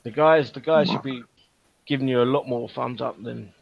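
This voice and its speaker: A man's voice: medium pitch, normal speed, vocal fry, no room sound, lo-fi sound. A man in a casual gaming chat who hesitates and repeats words.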